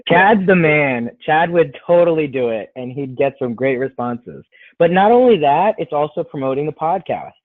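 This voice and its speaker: A man co-hosting a podcast talks in a playful, pushy way. His pitch sits a little high, and the recording is dry and thin, like a phone line. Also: animated, normal speed, no echo. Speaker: podcast co-host. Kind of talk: casual podcast chat. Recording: dry tinny phone-like audio.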